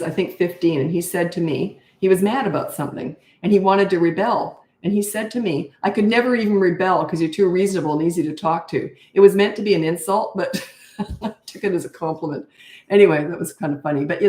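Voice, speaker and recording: Speaking a little fast in a slightly mellow voice, an older woman gives parents direct, matter-of-fact advice during a live question-and-answer session. She imitates children in high voices, and the room echoes.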